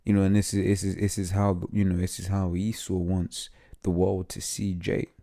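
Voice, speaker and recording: A man with a low, gravelly, dark voice delivers an informal scripture teaching. He talks haltingly, leaning on fillers and tag questions, and stumbles when he reads text aloud. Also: flat delivery. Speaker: lay preacher.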